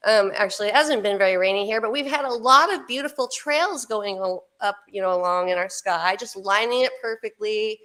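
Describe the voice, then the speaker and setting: A woman's voice: medium pitch, a little fast, hardly any pauses, a bit bright. A woman in her fifties hosting a casual podcast livestream, chatting with a co-host and greeting viewers with frequent laughter. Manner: bubbly, laughs often, chatty asides to viewers.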